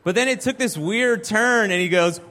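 A man's voice: high-pitched, normal speed, bright, forceful tone, a little hiss or hum. A young adult man doing a stand-up comedy set at a live venue, telling a chatty, self-deprecating story.

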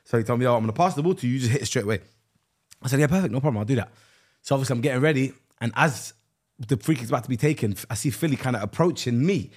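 A man's voice: medium pitch, animated, rapid-fire, a little mellow, breathy edge. A young man, co-hosting a podcast with easygoing, slangy banter. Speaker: podcast co-host. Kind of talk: casual chat.

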